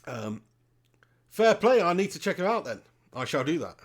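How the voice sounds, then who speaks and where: A man's voice: fairly high pitch, big pitch swings, normal speed. Brief: man, live football stream host, casual jokey banter and running commentary. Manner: jokey banter, laughs often, reads chat aloud.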